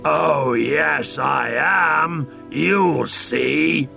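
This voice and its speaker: A man's voice: gravelly, sharp tone, soft background music, heavily acted. A man voicing a roaring, hungry male troll in a storybook reading, drawing out his words. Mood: booming. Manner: booming, drawn-out roars.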